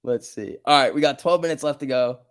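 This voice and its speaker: A man's voice: mid-range voice, brisk, smooth. A man hosting a casual stock market livestream, chatting and laughing often as he reads chat and tells stories. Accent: New Jersey.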